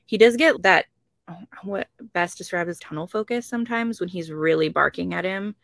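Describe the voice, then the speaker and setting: A woman's voice: fairly low pitch, moderate pace, gravelly, a bit bright, dry recording, studio quality. A woman, a dog owner, describing her dog's behavior in a hesitant, casual way, with many fillers. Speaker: dog owner seeking advice. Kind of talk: casual conversation.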